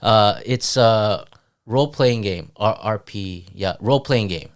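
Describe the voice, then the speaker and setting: Man, low voice, podcast co-host, casual chat, halting, restarts sentences, casual swearing. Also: smooth. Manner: laughs often while talking.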